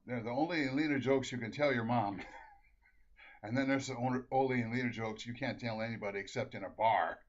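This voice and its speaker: A man's voice: mid-range voice, a little fast. A man from Minnesota telling comic jokes, chuckling often and restarting his phrases. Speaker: storyteller. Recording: dull lo-fi recording.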